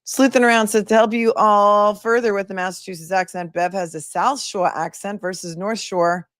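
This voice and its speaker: A woman attorney hosting a casual livestream, chatting and reading out viewer comments with quick asides. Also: mid-range voice, steady tone, no echo, clean studio sound. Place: home in a remote area.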